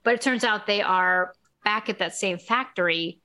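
A woman's voice: medium pitch, normal speed, bright, forceful tone, slight background noise. A woman co-hosting a podcast, chatting casually as she recaps a TV episode and acts out lines with a laugh. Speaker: podcast co-host.

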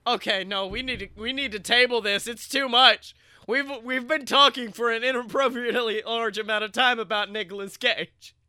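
Bright, excitable man riffing. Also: very high voice, normal speed, clean tone, dry recording, studio quality. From Alabama, US. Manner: excitable, riffing, lots of voices. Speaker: podcast co-host. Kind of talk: casual comedic chat.

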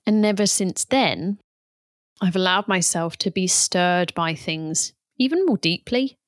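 A woman in her thirties, a yoga teacher, talking gently and candidly about her own experience in an unhurried, reflective way. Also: on the low side, expressive, dry recording, studio quality. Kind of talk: reflective personal talk.

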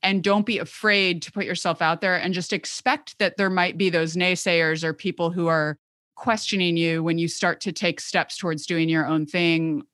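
A woman's voice: fairly low pitch, fairly even intonation, moderate pace, a bit bright, no echo, studio quality. A woman in her thirties, an occupational therapist guest, talking chattily and rambling with lots of filler words. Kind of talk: conversational interview.

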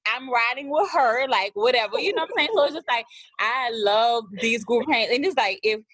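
A woman from New Orleans with a thick New Orleans accent, co-hosting a casual podcast chat and telling stories in a relaxed, chatty way. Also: fairly high pitch, normal speed, breathy edge, no room sound. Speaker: podcast co-host.

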